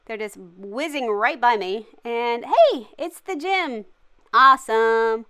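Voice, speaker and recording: A woman's voice: a little high, animated, slow, pushed and bright, clear, resonant tone. A woman hosting a gaming channel, giving cheery, jokey and dramatic running commentary as she plays. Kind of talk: playful game commentary.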